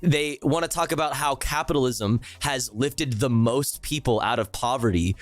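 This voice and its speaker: A man's voice: medium pitch, normal speed, no echo. Profane, ranting male streamer. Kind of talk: live reaction commentary.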